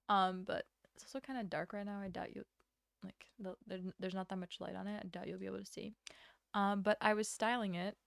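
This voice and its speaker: A woman's voice: mid-range voice, dry recording. A woman in her twenties chatting casually on a livestream, rambling and self-deprecating, with frequent laughs. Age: 20s. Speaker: streamer.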